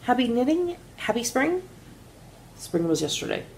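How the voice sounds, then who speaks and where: A woman co-hosting a podcast in casual chat, relaxed and chatty, filling her pauses with "um". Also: fairly high pitch, slight background noise. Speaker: podcast co-host.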